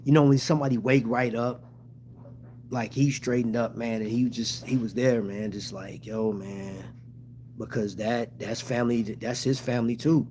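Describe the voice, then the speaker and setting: Grateful man talking haltingly to viewers. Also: medium pitch, fairly even intonation, mellow, slight background noise. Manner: halting, with many restarts and fillers; heartfelt and grateful. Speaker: channel host. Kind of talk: casual livestream talk to viewers.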